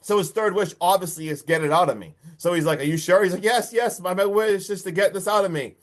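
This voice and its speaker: A man on a horror movie podcast who talks a little high and keeps the energy up. He retells scenes in a casual way, swearing and acting out what the characters say. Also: fast. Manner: excited, swearing, acts out lines from the film. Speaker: podcast host.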